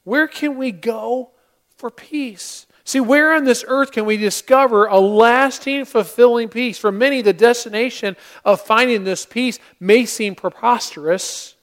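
High-voiced preaching man. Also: fairly bright tone. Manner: earnest preaching with dramatic pauses, acts out a joke story. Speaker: pastor. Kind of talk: sermon. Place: church sanctuary.

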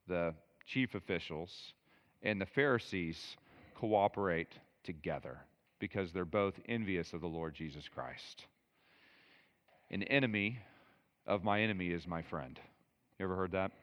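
A man's voice: on the low side, in a large hall. A man preaching a verse-by-verse sermon, talking conversationally and with emphasis, with asides to his listeners. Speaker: pastor. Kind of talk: expository sermon.

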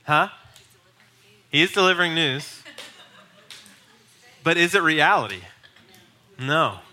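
A man's voice: on the high side, expressive, takes it slowly, pushed and bright. A male pastor teaching a class in a bold, emphatic, urging way. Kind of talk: teaching sermon.

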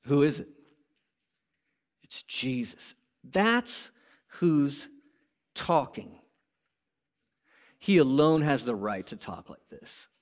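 A man preaching a sermon with passion, moving from loud emphatic peaks to quiet low asides. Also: very animated, slow pace, pauses often. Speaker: pastor.

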